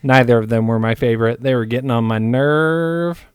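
A man's voice: medium pitch, steady tone, moderate pace, clear, resonant tone, dry recording. A man with a mid-range voice jokes his way through casual sports-podcast banter. He sounds laid-back and often restarts or repeats his words. The sound is dry and close. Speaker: podcast co-host.

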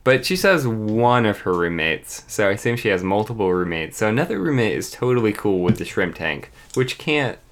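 A man's voice: on the low side, animated, normal speed, hardly any pauses. A man co-hosting a podcast in casual chat, laid-back and dry, with lots of filler words. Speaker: podcast co-host.

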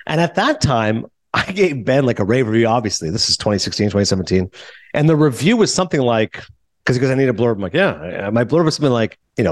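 A man who is a film critic and podcast host, telling a casual story and acting out the dialogue, then interviewing a guest. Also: mid-range voice. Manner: animated, quick, acts out dialogue.

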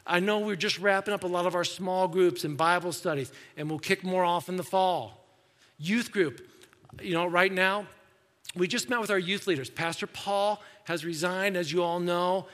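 High-voiced pastor preaching in an echoey hall. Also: male voice, fairly even intonation, normal speed, fairly bright tone. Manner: conversational preaching, acts out quoted voices. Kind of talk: sermon. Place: church sanctuary.

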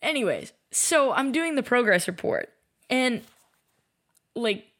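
A young woman spins a story on her podcast in easy casual chat. She is animated, laughs often and slips into the voices of the people in her tale. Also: on the high side, slow pace. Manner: animated, laughing, acts out quoted dialogue. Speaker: podcast co-host.

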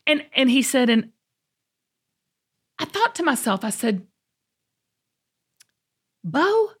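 A middle-aged woman, telling an animated story on a podcast. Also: high voice, measured pace, slightly rough. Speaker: podcast co-host.

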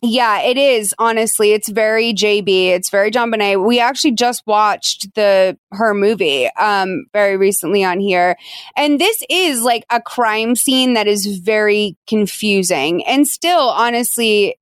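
A woman hosting a podcast in casual chat, talking in a chatty, animated way with lots of fillers. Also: mid-range voice, a little slow, smooth, no room sound. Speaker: podcast host.

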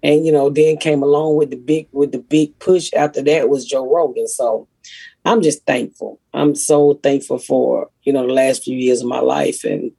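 Woman comic, raspy, swears a lot, dry close sound. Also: extremely low pitch, fairly even intonation, normal speed, mellow, no echo. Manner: profane, blunt storytelling. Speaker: podcast host, comedian. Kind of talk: casual podcast chat.

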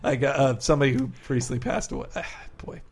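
A man's voice: mid-range voice, fairly even intonation, fast talker, vocal fry. A man co-hosting a podcast, chatting with enthusiasm and lots of "like" fillers. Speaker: podcast co-host. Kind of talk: casual podcast chat.

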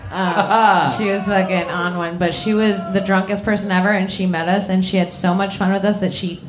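A woman's voice: mid-range voice, moderate pace. A woman and podcast host telling a wild story in casual chat, swearing and laughing. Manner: lively, profane, laughing. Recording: roomy echo.

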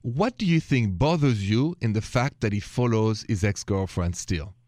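A man's voice: lowish voice, animated, normal speed, dry recording, clean studio sound. A man hosting a late-night radio advice show, chatting and encouraging callers. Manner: warm, encouraging, speaks with a thick accent. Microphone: studio microphone.

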